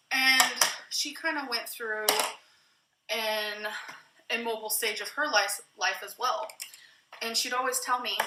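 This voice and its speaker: A woman vlogging casually while she cooks, out of breath. Her voice is fairly high and bright and carries a roomy echo. She talks frankly and pokes fun at herself, with a soft hiss of noise behind her. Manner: candid, self-mocking, laughs often. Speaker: vlogger in a played clip. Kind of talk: casual vlog while cooking.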